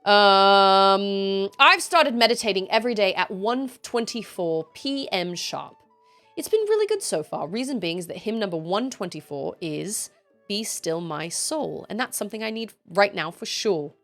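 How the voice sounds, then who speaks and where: A woman's voice: medium pitch, lively intonation, measured pace, fairly bright tone, soft background music. A woman in her thirties streaming a game, chatting casually, reading chat and laughing often. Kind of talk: casual chat while gaming.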